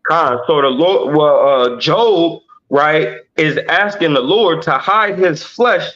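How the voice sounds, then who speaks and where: A man with a fairly high voice teaches scripture on a livestream. He works through each verse slowly and keeps tagging "right?" onto his points. The audio is muffled and lo-fi, the way a livestream sounds. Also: fairly bright tone. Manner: explains slowly, asks "right?" after nearly every point. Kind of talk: bible study livestream.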